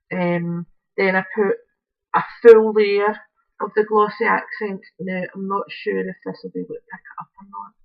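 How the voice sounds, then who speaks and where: Lady showing off her crafts, slow and chatty, kinda dull lo-fi sound. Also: medium pitch. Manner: chatty, rambling, with frequent fillers and restarts. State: chewing gum. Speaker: craft video maker. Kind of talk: casual crafting show-and-tell.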